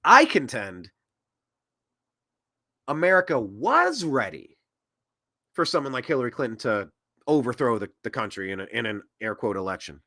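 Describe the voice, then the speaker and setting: A man's voice: mid-range voice, very animated, moderate pace, pauses often, bright, forceful tone. A man in his thirties hosting a political commentary show, rambling and sarcastic, with mocking asides. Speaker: host.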